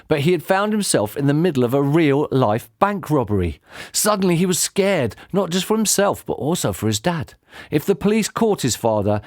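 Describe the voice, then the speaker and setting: A man reading a children's book aloud as an audiobook narrator, with expressive delivery. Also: medium pitch, no echo, studio quality. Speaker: audiobook reader. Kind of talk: storybook narration.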